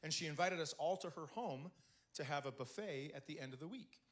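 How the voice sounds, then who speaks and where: A man's voice: a little high, brisk. A middle-aged man telling a stand-up comedy story on a club stage, acting out the people in it. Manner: storytelling, acting out characters, loud punchlines. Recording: noisy live club recording.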